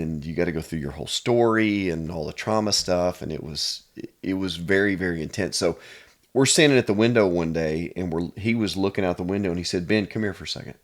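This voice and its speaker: A man from Pennsylvania, a chiropractor guest, telling personal stories in an earnest, casual way. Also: sits low. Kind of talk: casual storytelling.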